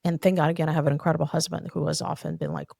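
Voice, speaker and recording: Woman guest, heartfelt personal testimony; heavy vocal fry, dry close sound. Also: low voice, level tone, racing, dark tone, no room sound. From Soviet Union. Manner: earnest, heartfelt storytelling. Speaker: podcast guest.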